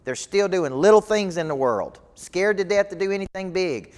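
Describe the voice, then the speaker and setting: A man's voice: high-pitched, lively intonation, normal speed. A man, a business coach giving a motivational speech to a live audience, emphatic and repetitive. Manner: emphatic, repetitive rallying delivery. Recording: long hall reverb.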